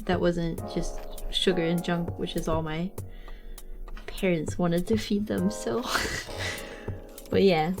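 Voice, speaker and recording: A woman's voice: fairly low pitch, fairly even intonation, takes it slowly, long pauses, over music. A young woman streamer chatting casually while she draws, rambling and teasing, laughing often. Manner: teasing, snarky.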